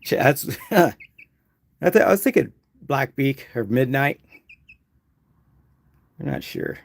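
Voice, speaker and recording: Man, relaxed workshop live-stream talk, gravelly voice. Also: mid-range voice, slow. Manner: relaxed, chatty explaining as he works. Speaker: woodturner streaming his craft. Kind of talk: casual live-stream chat.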